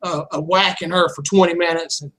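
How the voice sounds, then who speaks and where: A man's voice: fairly high pitch, fairly even intonation, brisk, fairly bright tone, poor audio. A man telling a candid personal story in casual chat, rambling and blunt, swearing freely. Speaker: channel host.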